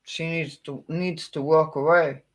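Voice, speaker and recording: A man giving an emotional tarot reading, talking earnestly with long pauses. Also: a little high, steady tone, poor audio. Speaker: tarot reader.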